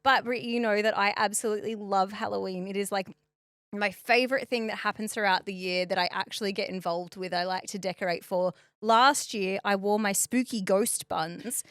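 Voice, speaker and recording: A woman's voice: medium pitch, fairly even intonation, moderate pace, fairly bright tone, clear, resonant tone, no room sound, clean studio sound. A woman co-hosting a podcast while unwell, chatting and holding back her laughter. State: unwell, coughs when laughing. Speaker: podcast co-host. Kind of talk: casual chat.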